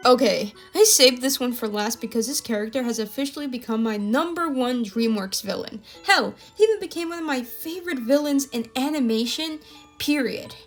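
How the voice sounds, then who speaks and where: A woman casually reviewing an animated film, talking in an enthusiastic, gushing way. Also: high-pitched, normal speed, faint music behind.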